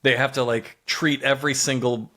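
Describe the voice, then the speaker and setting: A man co-hosting a comedy podcast, recapping a TV episode with animated, mock-dramatic storytelling. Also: mid-range voice, moderate pace. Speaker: podcast co-host.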